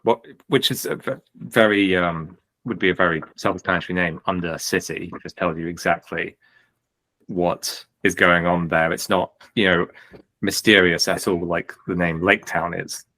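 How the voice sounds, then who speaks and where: A man's voice: low voice, fairly even intonation, moderate pace, bright, forceful tone. A man co-hosting a casual tabletop gaming podcast, trading dry joking asides. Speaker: podcast co-host.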